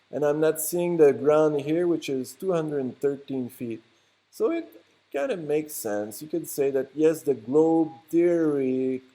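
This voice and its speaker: A man's voice: on the high side, dark tone. A man with a French Canadian accent, narrating a casual video while filming on a beach, chatty and rambling with teasing asides. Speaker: vlogger. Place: outdoors on a beach by the water. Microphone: handheld camera mic.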